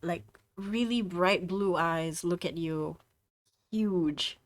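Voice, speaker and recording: Low-voiced woman game master. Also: slow. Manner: casual, stammering restarts. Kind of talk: narrating a tabletop game.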